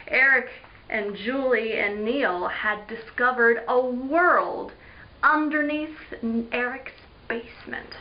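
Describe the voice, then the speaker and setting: A woman reading a children's chapter book aloud for a library storytime, giving lively character voices and sound effects. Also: a little high, lo-fi sound.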